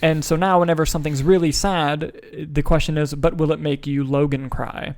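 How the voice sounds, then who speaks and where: Young male podcast co-host, excitable and emotional, fairly high voice. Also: fairly quick. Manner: excitable, swearing, emotional swings in pitch. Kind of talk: casual chat.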